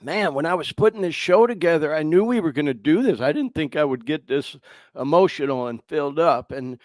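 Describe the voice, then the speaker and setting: A man's voice: a little high, expressive, fairly quick, a little mellow, no room sound. Choked-up man hosting. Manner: choked up, swearing, addresses listeners as y'all. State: fighting back tears. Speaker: podcast host. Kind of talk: emotional live podcast talk.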